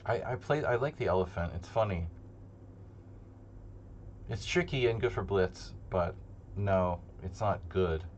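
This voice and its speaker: Low-voiced man thinking aloud over a chess game. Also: a little slow, pauses often, darkish tone, slight background noise. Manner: joking, muttering to himself, thinking aloud. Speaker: chess streamer. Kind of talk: live commentary while playing online chess. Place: home streaming setup.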